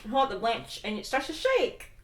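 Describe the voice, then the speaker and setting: A woman's voice: a little high, wildly swooping pitch, normal speed, a little hiss or hum. A woman narrating as game master, laughing often and putting on voices for the characters. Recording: echoey room, mic from far off.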